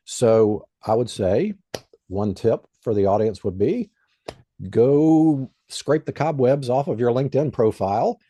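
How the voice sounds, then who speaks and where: A man's voice: medium pitch, lively intonation, measured pace, warm tone, dry recording. A man who is a guest on an interview show, explaining in a plain, conversational way with frequent "um" and "you know.". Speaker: guest expert.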